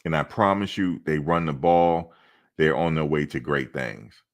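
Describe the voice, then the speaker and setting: A man's voice: very deep voice, a little slow. A male host of a football fan show, chatting casually in a playful, joking, slangy way and repeating himself for emphasis.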